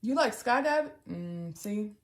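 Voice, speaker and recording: A young woman hosting a live stream, casually telling a story in an animated, dramatic way and laughing often. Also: mid-range voice, unhurried. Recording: roomy echo.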